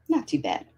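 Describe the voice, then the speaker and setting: A woman guest in a casual livestream chat, enthusiastic and quick to agree. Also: dark tone.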